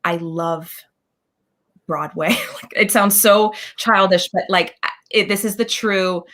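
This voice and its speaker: A woman guest on an interview show, telling a story excitedly in a rambling way with many restarts. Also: medium pitch, takes it slowly. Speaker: guest actor. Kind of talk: casual interview chat.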